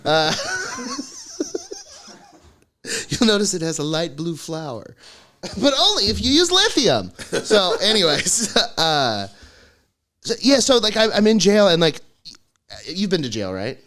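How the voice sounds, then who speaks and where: A man's voice: high-pitched, wildly swooping pitch, slow, long pauses, sharp tone. A young man telling a comic story on a podcast, rambling, laughing often and acting out the people he quotes. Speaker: podcast co-host. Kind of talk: comedic storytelling.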